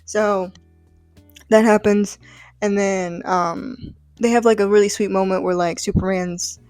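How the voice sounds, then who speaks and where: A woman's voice: medium pitch, fairly even intonation, a little slow, darkish tone, no echo. A woman chatting casually about a comic book, her talk loose and rambling with plenty of "like" and "um." Her voice sits in a middling range and sounds close and dry, with faint music underneath. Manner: rambling, full of "like" and "um". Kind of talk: casual chat.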